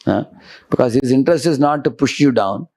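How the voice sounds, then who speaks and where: A man's voice: mid-range voice, brisk, a little mellow. A monk giving a devotional lecture in a conversational way, often checking in with his listeners.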